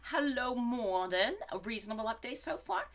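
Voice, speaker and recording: A woman's voice: on the high side, lively intonation, moderate pace. A woman streamer who is sick, chatting casually on a live stream and greeting viewers one by one in a bouncy way. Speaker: game streamer.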